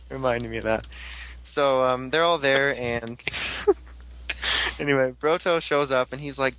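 A young man hosting a casual podcast, recapping an episode with jokes and quick character impressions. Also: mid-range voice, pushed and bright. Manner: jokey, quick voice impressions of characters, laughs a lot. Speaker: podcast host recapping a show.

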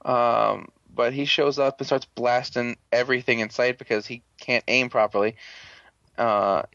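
A man's voice: mid-range voice, fairly even intonation, measured pace, fairly bright tone, no echo. Sarcastic rambling man recapping a show. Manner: sarcastic, rambling with many fillers and throat clearing. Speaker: podcast host recapping a show. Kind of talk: casual profane recap. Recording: dull lo-fi dry sound.

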